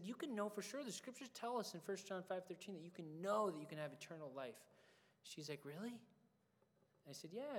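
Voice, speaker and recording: A man preaching a sermon as a pastor, telling a personal story in an animated way and acting out the dialogue. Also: a little high. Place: church sanctuary. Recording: long hall reverb.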